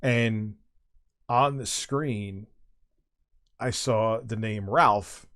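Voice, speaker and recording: A middle-aged man with a fairly low voice chats casually on a stream. He tells a long, rambling story full of restarts and the odd curse word. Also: drawn-out words, a bit bright. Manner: rambling anecdote with profanity and restarts. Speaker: streamer and host.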